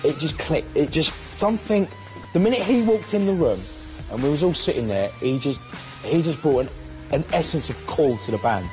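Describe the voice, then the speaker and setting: Animated man telling stories. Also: a little high, normal speed. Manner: animated storytelling, acts out scenes. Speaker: pop singer interviewed. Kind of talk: documentary interview. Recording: dull TV audio with music.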